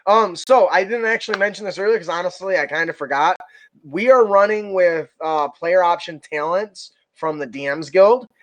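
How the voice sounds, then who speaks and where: A young man with a high voice runs a tabletop game, narrating scenes and asking for rolls. He talks loosely and laughs often. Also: moderate pace, fairly bright tone. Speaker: dungeon master.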